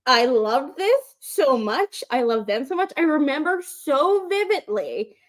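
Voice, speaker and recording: A woman's voice: high voice, measured pace. A woman co-hosting a wrestling talk show, gushing and telling stories with lots of fillers. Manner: gushing, animated storytelling with many fillers. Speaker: podcast co-host. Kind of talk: casual chat.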